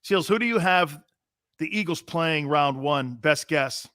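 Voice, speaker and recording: Middle-aged man, sports talk host, rambling, profane, fairly high voice, dry close sound. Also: unhurried, no echo. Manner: rambling, animated, profane storytelling. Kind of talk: casual sports talk banter.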